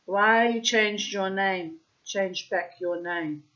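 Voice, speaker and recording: Woman doing a brooding Soviet taxi driver, put-on Russian accent, slow and measured, halting phrasing, slightly raised voice, dull lo-fi recording. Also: medium pitch, fairly bright tone. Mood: guarded. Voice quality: halting broken-English phrasing. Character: middle-aged male Soviet taxi driver, guarded, brooding.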